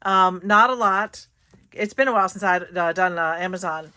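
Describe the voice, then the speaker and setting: Woman, craft vlogger, casual haul chat, giggly and rambling, crisp bright tone. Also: fairly low pitch, normal speed. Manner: chatty, giggly, lots of fillers. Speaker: craft channel host.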